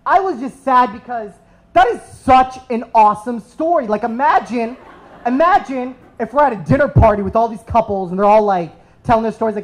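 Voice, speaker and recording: A man in his thirties from the United States telling a comedic story live on stage into a microphone, animated and self-deprecating. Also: extremely high pitch, moderate pace, rough recording. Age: 30s.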